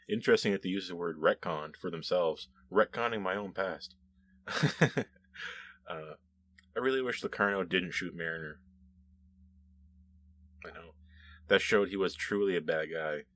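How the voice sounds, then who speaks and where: Deep-voiced man rambling through comments. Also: fairly bright tone, a little hiss or hum. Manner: rambling, self-correcting, laughs often. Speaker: host reading viewer comments. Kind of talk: casual commentary.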